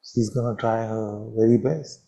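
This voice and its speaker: A man, a spiritual teacher, giving a slow and reflective satsang talk with long pauses and repeated phrases. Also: lowish voice, steady tone, creaky, dark tone, dull audio.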